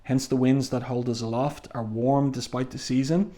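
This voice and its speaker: A man reading the lines of a calm, regal woman who commands the weather, in his own voice. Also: medium pitch, normal speed, natural voice. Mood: serene.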